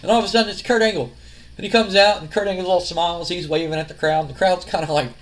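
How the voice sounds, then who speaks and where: A man's voice: a little high, fast talker. A young man casually narrating a wrestling sim game, rambling and swearing as he retells the action. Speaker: let's-play narrator.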